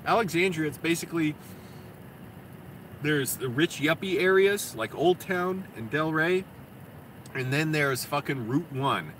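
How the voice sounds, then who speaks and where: A vlogger with a slightly high male voice rambles into his phone camera in a casual monologue, venting readily and cursing freely. The car recording is noisy, with a steady air-conditioning hum clearly audible beneath him.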